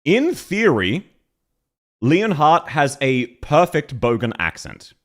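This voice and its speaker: Aussie streamer guy, chatty and self-deprecating, lively up-and-down pitch, casual and sweary. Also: takes it slowly. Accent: Australian. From Australia. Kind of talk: casual live-stream chat.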